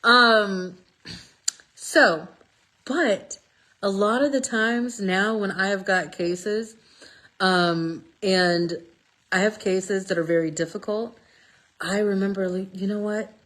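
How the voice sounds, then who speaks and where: A woman telling a Bible story in a casual, lively way, often checking in with "okay?". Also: mid-range voice, unhurried. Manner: lively, chatty, stresses words with "okay?". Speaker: speaker sharing a Bible passage. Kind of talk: casual storytelling talk about scripture.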